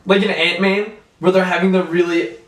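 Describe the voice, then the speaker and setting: A man's voice: sits high, little pitch movement, a little fast. A young man co-hosting a podcast, wry and joking, laughing often. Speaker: podcast co-host. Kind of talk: casual chat. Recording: echoey room, distant from the mic, faint noise.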